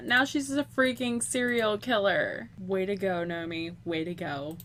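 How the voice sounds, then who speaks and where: A woman giving casual video game commentary into a home computer microphone, excitable, swearing freely and breaking into loud exclamations. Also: mid-range voice, a little slow, few pauses. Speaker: gameplay commentator.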